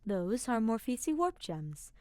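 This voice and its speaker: A woman voicing a gentle middle-aged mother, storybook, patient, matter-of-fact. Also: on the high side, sing-song, measured pace, no echo, pitched above the performer's own voice.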